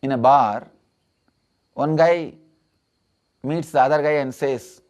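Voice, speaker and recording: A man giving a sermon as a spiritual teacher, slow and emphatic, repeating his key phrases. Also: mid-range voice, darkish tone.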